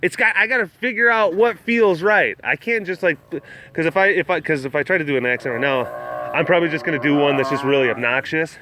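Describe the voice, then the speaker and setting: A man's voice: fairly quick, sharp tone. A man chatting casually on a livestream outdoors at an animal facility, reading comments and rambling with many restarts. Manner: rambling with many restarts, coos high at the cats. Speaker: animal care keeper streaming live.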